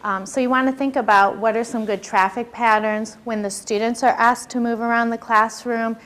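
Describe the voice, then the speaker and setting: A woman's voice: on the high side, steady tone, normal speed, fairly bright tone. A woman giving a workshop lecture on classroom behavior, talking conversationally and asking her audience questions.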